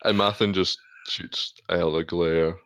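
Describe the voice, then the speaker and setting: A man calmly narrates his character's actions in a tabletop game. His voice sits low, with a dry close sound. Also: takes it slowly, clean tone, no room sound. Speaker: player.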